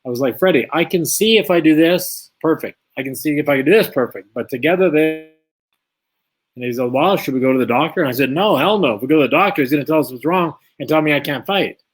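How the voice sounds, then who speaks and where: A man's voice: fairly high pitch, fast talker, husky. A man telling a long boxing story in an interview, acting out both sides of the conversations. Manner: lively anecdote-telling, acts out both sides of the dialogue. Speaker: former boxer, guest.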